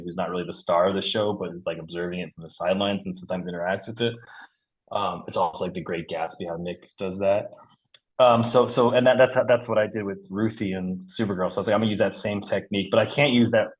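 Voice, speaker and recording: A man in his forties, a comic book writer talking as a guest in a casual interview, rambling and animated, swearing freely and laughing often. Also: on the low side. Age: 40s.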